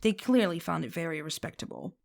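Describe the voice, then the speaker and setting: A woman voicing a composed, centuries-old witch who speaks in a measured, formal way. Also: fairly low pitch, expressive, creaky. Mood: gently teasing.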